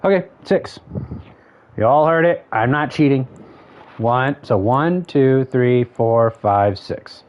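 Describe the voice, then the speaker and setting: A man's voice: mid-range voice, lively intonation, slow pace, slight background noise. A man streaming a game, chatting casually, thinking aloud and counting off options under his breath. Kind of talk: casual gameplay commentary. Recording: dull lo-fi stream audio.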